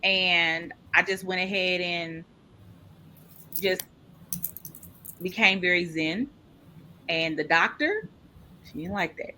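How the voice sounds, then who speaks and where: Woman, lower voice, bright and forceful tone, expressive storyteller, faint background hiss. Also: takes it slowly, long pauses. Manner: animated, acts out quoted people with big pitch jumps. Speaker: podcast guest. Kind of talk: personal storytelling interview.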